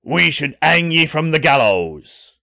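A man putting on a stern male pirate who speaks in an old seafaring dialect, voice pushed lower and a little quieter than a storyteller's own. It belongs to a spoken adventure story. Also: big pitch swings, takes it slowly, gravelly, dry recording, clean studio sound, heavily acted. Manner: archaic pirate speech, stern.

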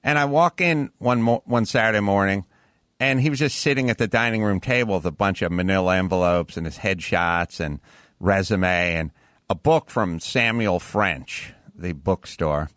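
Bright-voiced man telling profane stories. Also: low-pitched, moderate pace, no echo, studio quality. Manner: rambling, profane, animated anecdotes. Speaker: podcast host. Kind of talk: casual storytelling chat.

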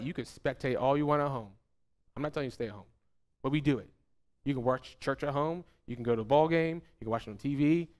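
A man gives a fervent, emphatic sermon as a pastor. He repeats his phrases and lets each point end in a soft, low drop.

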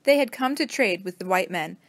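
A woman's voice: mid-range voice, lively intonation, brisk, a bit bright, no room sound. Woman reading a storybook in a dry voice. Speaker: narrator. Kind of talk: storybook read-aloud.

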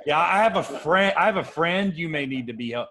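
Guy putting on a halting cold caller with a fake accent, kinda high voice, faint hiss behind. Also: lively intonation, fairly bright tone. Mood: jokey. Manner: put-on accent, halting delivery. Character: male cold caller ringing for a friend.

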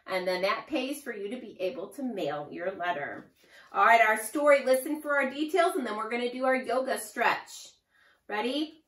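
A woman teaching preschoolers in a high, very lively sing-song voice. She speaks slowly and draws out her words for little listeners. She sounds distant from the mic, with a strong room echo. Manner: slow, sing-song, exaggerated teacher delivery. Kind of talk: children's lesson. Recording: echoey room, far from mic.

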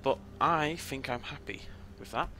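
Guy narrating his game, kinda sharp bright tone, rambly. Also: fairly high pitch, a little slow, a little hiss or hum. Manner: chatty, thinking aloud. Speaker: gaming YouTuber. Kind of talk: gameplay commentary.

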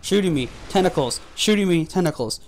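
Male gaming host, high voice, profane running commentary. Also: lively intonation, fairly quick, slight background noise. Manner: frustrated, profane trash talk. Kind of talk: gameplay commentary.

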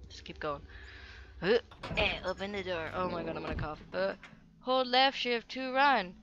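A young woman plays a video game in a let's-play, offering goofy, playful commentary as she chats to herself and to the game. Her voice is mid-range at normal speed, and the recording is muffled.

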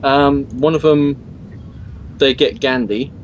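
A man's voice: mid-range voice, steady tone, slow pace, slight background noise, rough recording. A man chatting on a podcast, explaining things in a loose, rambling way. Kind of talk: casual chat.

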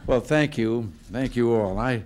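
An older man from the United States giving informal remarks to staff in a hotel function room, with relaxed, folksy storytelling and dry humor. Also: medium pitch, a little slow, slight background noise. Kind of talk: informal speech with joke stories.

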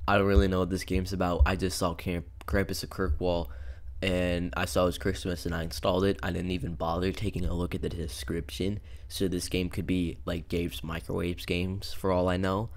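A young man narrates his let's-play in a loose, joking, profane ramble. His voice sits a little low, and he keeps jumping into sudden startled shouts. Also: flat delivery, brisk. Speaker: gaming YouTuber. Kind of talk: casual let's-play commentary.

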